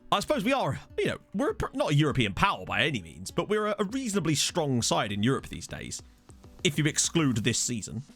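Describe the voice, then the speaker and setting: Young guy talking over a football sim, bouncy up and down pitch, bit of game music behind. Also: fairly bright tone. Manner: chatty, jokey, reacting to the match. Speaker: gaming channel host. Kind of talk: casual let's-play commentary. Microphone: desktop studio mic.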